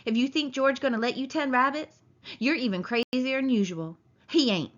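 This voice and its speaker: A woman's voice: sits high, normal speed, pitched above the performer's own voice, natural voice. A woman reading aloud, voicing a giant imaginary rabbit that is scornful and taunting, with a sneering manner. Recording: dull lo-fi recording.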